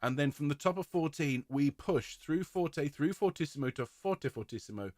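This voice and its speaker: A man's voice: on the high side, expressive, normal speed, a little mellow, no echo. Dry-voiced man leading choir rehearsal. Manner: clear, encouraging, demonstrates rhythms by singing syllables. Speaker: choir director. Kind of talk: rehearsal instruction to an online choir.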